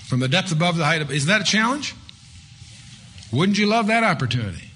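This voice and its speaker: Bright-voiced man teaching a Bible study. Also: on the high side, big pitch swings, fast, slight background noise. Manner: conversational, reads scripture aloud with rising emphasis.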